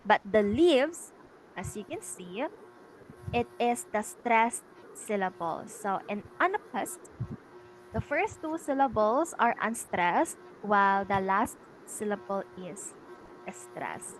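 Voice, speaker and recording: A woman's voice: mid-range voice, animated, takes it slowly, a little hiss or hum, poor audio. A young woman presenting a classroom lecture, explaining step by step and repeating her points. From Philippines. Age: young adult. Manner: explains step by step, repeats points, stresses words she reads. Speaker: student presenter.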